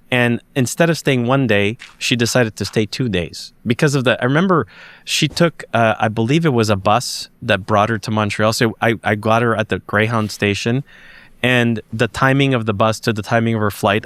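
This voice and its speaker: A Montreal man with a lowish voice, appearing as a podcast guest, tells a personal story casually at normal speed in a dry recording. He's an animated storyteller who acts out the dialogue as he goes.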